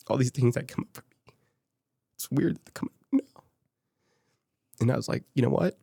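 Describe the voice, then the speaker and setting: A man's voice: medium pitch, moderate pace, gravelly, warm tone, breathy edge, no echo, studio quality. A man from Las Vegas speaking as a podcast guest, telling a candid personal story and retelling past conversations in quoted dialogue, emotional and choked up at times. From Las Vegas, USA.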